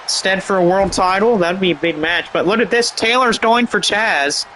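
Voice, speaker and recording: A man giving excited, rambling play-by-play commentary over a wrestling game, with chatty asides. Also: high-pitched, normal speed, a little hiss or hum, low-quality recording.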